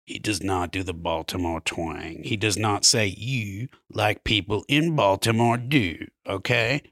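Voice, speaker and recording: Male podcast guest from Maryland, fairly low but bright voice, dry sound, riffing comic. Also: measured pace, no room sound. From Maryland, USA. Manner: playful, riffing comic rants. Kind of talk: casual chat.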